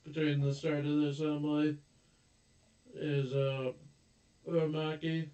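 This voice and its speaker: A man co-hosting a casual review chat who chimes in from his notes with extra points and corrections. He talks slowly in a fairly flat, somewhat high voice. He is recorded in an echoey room, set back from the mic. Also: far from the mic, dull audio. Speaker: podcast co-host.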